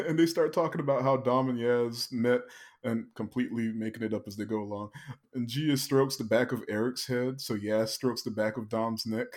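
A man hosting a podcast casually recaps a film's scenes, laughing often as he goes. His mid-range voice keeps a fairly even intonation at a normal speed.

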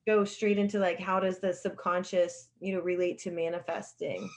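A woman's voice: lowish voice, flat delivery, moderate pace, a little hiss or hum. A woman hosting an interview, talking in a casual way with many fillers and easy laughs. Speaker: podcast host. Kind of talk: casual conversation.

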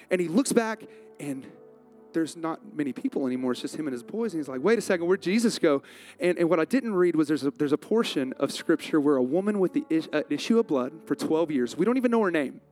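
Pastor guy preaching, kinda high voice, chatty and animated, soft music in the back. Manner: conversational, animated preaching with acted-out quotes. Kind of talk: sermon.

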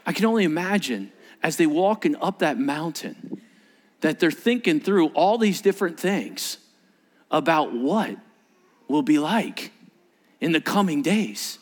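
A man preaches a sermon with an animated delivery. His voice sits a little high and swings widely in pitch. He acts out the quotes in changing voices. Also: measured pace. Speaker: pastor.

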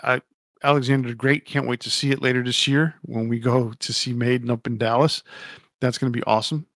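A man's voice: medium pitch, little pitch movement, brisk, fairly bright tone, no room sound, clean studio sound. A man co-hosting a casual podcast, rambling and opinionated, swearing casually as he talks. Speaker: podcast co-host.

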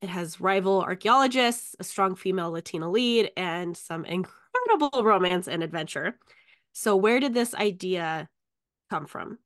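A woman's voice: on the low side, animated, normal speed, fairly bright tone. Gushing woman podcast host. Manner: gushing, enthusiastic, says "like" a lot. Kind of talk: casual interview chat.

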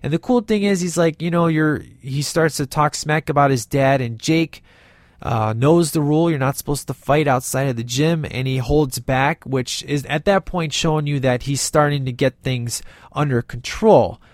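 A man's voice: fairly high pitch, moderate pace, dry recording. A man casually reviewing a movie with enthusiasm, retelling scenes and acting out the characters' lines as he goes.

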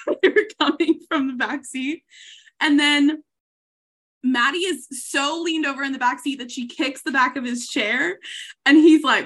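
A woman co-hosting a casual chat podcast, telling a rambling story with frequent laughter and easy swearing. Her voice sits high and sounds bright and forward. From Savannah, Georgia. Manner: chatty storytelling, laughs often, swears freely. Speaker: podcast co-host.

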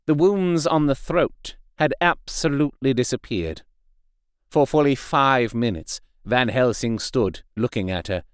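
A man giving a measured, expressive audiobook narration. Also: medium pitch, smooth, dry recording, studio quality.

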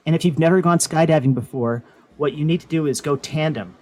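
A man's voice: on the high side, fairly quick, a little mellow. A man on a casual talk show, telling a long rambling story full of fillers and laughs. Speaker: podcast co-host.

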